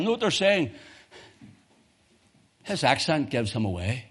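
A man preaches a sermon in a fairly high voice. He climbs to loud, impassioned peaks, then sinks into low, hushed intensity. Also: expressive, a little slow, long pauses.

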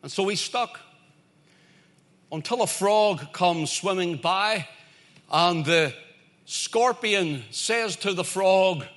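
A man's voice: high voice, animated, takes it slowly, pauses often, fairly bright tone. A man preaching a sermon, emphatic and repetitive, building his points in lists.

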